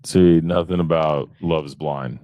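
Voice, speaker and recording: A man's voice: extremely low pitch, fairly even intonation, a little slow, no echo, lo-fi sound. A man co-hosting a podcast in casual chat, laid-back and teasing, laughing often. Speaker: podcast co-host.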